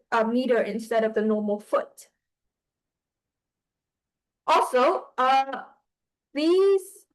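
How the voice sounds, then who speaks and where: A woman's voice: sits high, rough recording. A woman teaching a class, hesitant, with many fillers and restarts. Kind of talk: online class lesson.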